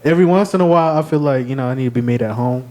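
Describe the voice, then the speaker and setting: Male guest musician, mid-pitched voice, emphatic and playful. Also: racing, a little mellow. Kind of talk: casual chat.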